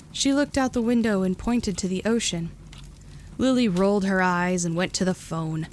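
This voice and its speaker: A woman narrating a gentle storybook tale in a calm, even reading. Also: mid-range voice, a little hiss or hum.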